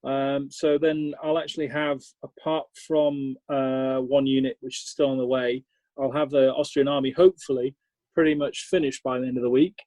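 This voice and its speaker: A man's voice: medium pitch, level tone, moderate pace, dark tone, no room sound, poor audio. An English man in a casual group chat, talking hesitantly with many ums.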